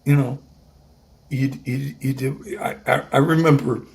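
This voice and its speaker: A man in his sixties tells a personal story as a guest, circling back and restarting his sentences. His voice is heavily gravelly with a lot of vocal fry. A faint hiss of noise sits under it. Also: medium pitch, fairly even intonation. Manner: halting, with restarts and repeated words. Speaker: guest musician.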